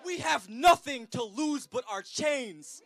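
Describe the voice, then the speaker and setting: High bright spoken-word poet. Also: male voice, animated, slow, gravelly, some chatter behind, slight background noise. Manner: rhythmic, building to shouts. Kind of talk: spoken word poem at a rally. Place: outdoor street rally.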